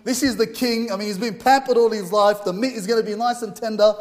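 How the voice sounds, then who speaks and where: A man's voice: high-pitched, fairly even intonation, fast, lightly acted. A man voicing a gleeful group of cannibals planning a feast, in a sermon story. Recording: long hall reverb.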